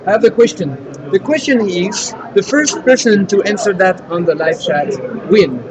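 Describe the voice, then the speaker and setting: A man's voice: sits high, normal speed, poor audio. A man with a French accent co-hosting a live event stream, chatty and teasing while running a giveaway. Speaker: livestream co-host. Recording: crowd noise behind.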